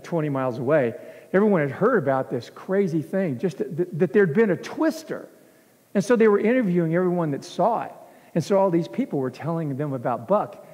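Animated pastor telling a story, hall reverb. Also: male voice, sits high. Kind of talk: sermon storytelling. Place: church sanctuary. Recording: long church hall reverb.

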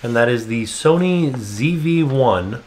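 A man's voice: medium pitch, lively intonation, slow pace, darkish tone. A man co-hosting a vlog who chimes in casually with short, matter-of-fact remarks. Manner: brief, matter-of-fact interjections. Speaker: vlog co-host. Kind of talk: casual chat.

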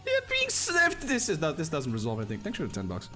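A man's voice: medium pitch, huge pitch swings, rapid-fire, loud music behind the voice. A man streaming a game, chatting casually and teasing his co-player with jokey banter. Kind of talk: casual gaming stream chat.

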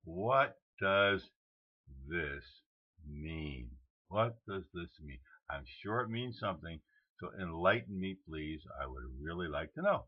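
A man's voice: deep voice, animated, moderate pace, breathy edge, lo-fi sound. A man recording casual home videos for friends, chatting plainly and breaking into improvised sing-song tunes. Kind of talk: casual self-recorded video messages with ad-lib songs.

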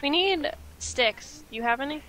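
A woman's voice: sits high, lively intonation, unhurried, sharp tone, slight background noise. A woman co-playing a game, chatting casually in brief replies. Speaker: co-player. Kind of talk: casual gameplay chat.

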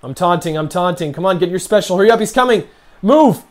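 A young man giving gameplay commentary, swearing often and shouting at the game. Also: high-pitched, fast talker. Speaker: let's play commentator.

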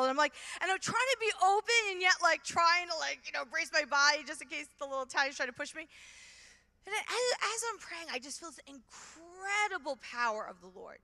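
Brief: middle-aged New York woman, high bright voice, lively storyteller, conference stage. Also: brisk. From Brooklyn, New York. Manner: animated storyteller acting out her own reactions. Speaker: conference speaker. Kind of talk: testimony talk. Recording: hall reverb from a large venue.

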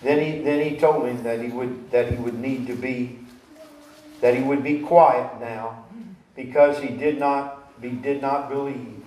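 Pastor preaching in an echoey church. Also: male voice, mid-range voice, steady tone, measured pace, dark tone, far from the mic, slight background noise. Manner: questions the congregation directly; retells scripture in plain, folksy words. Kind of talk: sermon. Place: church sanctuary. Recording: echoey church recording from afar.

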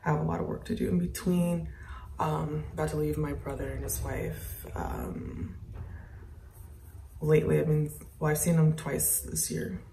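A young woman talks into her camera in a confessional vlog, her voice tearful and fried at the edges, with a lowish pitch. She rambles casually and breaks into soft laughs. Faint noise hums behind her. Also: steady tone, unhurried, gravelly. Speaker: vlogger. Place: indoors at home, then an airport.

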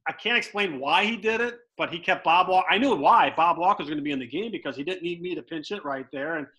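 A middle-aged man telling lively stories as a guest, a former baseball player. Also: on the high side, moderate pace, pauses often, rough recording. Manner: animated, lively storyteller. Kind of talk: storytelling anecdotes.

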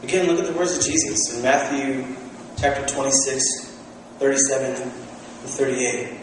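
A man's voice: mid-range voice, moderate pace, background noise. A young adult man preaching a sermon as pastor, telling stories animatedly and acting out quotes. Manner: animated storytelling with acted-out quotes. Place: church sanctuary. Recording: echoey hall from far off.

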